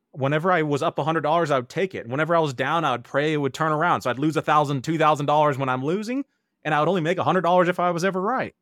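A man's voice: a little high, racing, fairly bright tone, dry recording. Earnest man telling his story, dry sound. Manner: earnest, acts out remembered quotes. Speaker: interview guest. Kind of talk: candid personal storytelling.

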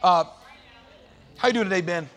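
A middle-aged male pastor delivers a sermon in a high voice at normal speed. He swings from shouted, sing-song climaxes to relaxed, chatty storytelling, acting out the quotes.

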